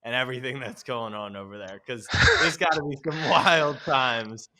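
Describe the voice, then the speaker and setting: A man hosting a casual chat, teasing his guest with quick questions. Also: mid-range voice, bright, forceful tone. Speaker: podcast host.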